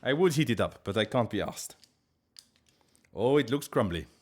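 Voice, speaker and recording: A man's voice: medium pitch, lively intonation, normal speed. A man, chatting casually on a live stream, reading chat and making playful, mock-grand pronouncements.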